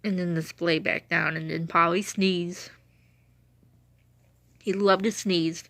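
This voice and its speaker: A woman's voice: lowish voice, fairly even intonation, slow pace, a bit bright, no room sound. A woman telling rambling, laughing stories in casual chat, with a runny nose and a cough. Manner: chatty, meandering, laughs often. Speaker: vlogger telling stories about her late dog.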